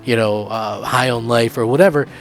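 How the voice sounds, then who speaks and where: A man hosting a gaming channel, giving excited, rambling opinion commentary with lots of fillers. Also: mid-range voice, moderate pace, slight background noise.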